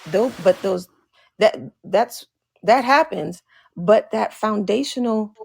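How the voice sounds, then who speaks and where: A woman's voice: mid-range voice, takes it slowly, creaky, husky, dry recording. A woman talking as a podcast guest, telling stories and acting out what people said. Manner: animated storyteller, acts out quoted speech. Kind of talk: casual podcast conversation.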